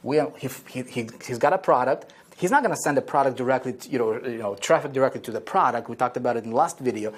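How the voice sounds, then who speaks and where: A man leads a whiteboard lesson on marketing, his voice a touch husky and sitting at an ordinary pitch. He drives home each idea by repeating it. He keeps checking that the listener is following. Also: fast talker. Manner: constant check-ins like "okay?" and "right?"; repeats key phrases for emphasis. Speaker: online marketing trainer.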